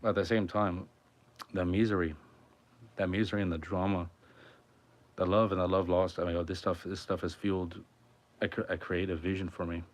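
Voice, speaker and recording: Low-voiced swearing man rambling on stream. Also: level tone, moderate pace, long pauses. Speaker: musician streamer. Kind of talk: casual livestream chat. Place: his home.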